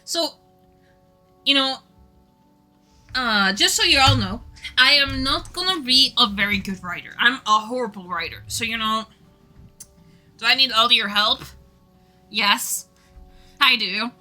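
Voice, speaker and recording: A woman's voice: on the high side, lively intonation, a little slow, long pauses, pushed and bright, soft background music. A Norwegian-speaking woman streaming casually, rambling and giggling often while chatting to viewers. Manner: giggly, rambling, self-deprecating.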